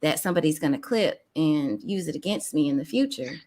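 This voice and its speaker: A woman content creator speaks frankly as a podcast guest. Her delivery is lively and playful, with an open, conversational manner. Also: deep voice, brisk. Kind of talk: casual chat.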